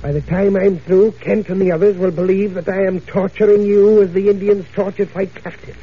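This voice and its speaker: Brief: a smug, mocking radio villain, high voice, dull old recording with faint hiss. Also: male voice, fairly even intonation, fairly quick. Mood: gloating. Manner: smooth, mocking, self-satisfied. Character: cunning, gloating male villain, the Vulture. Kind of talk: 1940s radio acting.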